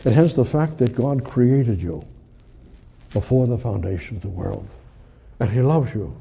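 Male preacher, husky and gravelly, dark mellow tone, emphatic and repetitive sermon delivery, loud peaks and hushed lows. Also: expressive, a little slow. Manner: emphatic, repetitive, swings between loud declarations and soft near-whispers.

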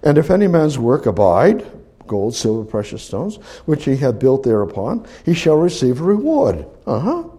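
A man preaching a sermon, reading scripture aloud and commenting on it, swinging from loud emphatic rises to hushed near-whispers. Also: medium pitch, wildly swooping pitch, normal speed, husky. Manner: reads scripture aloud and comments between verses.

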